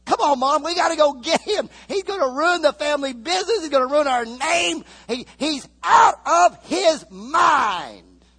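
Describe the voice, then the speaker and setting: A man shouting as a frantic younger brother. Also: very high-pitched, animated, measured pace, few pauses, voice pushed up, exaggerated voice.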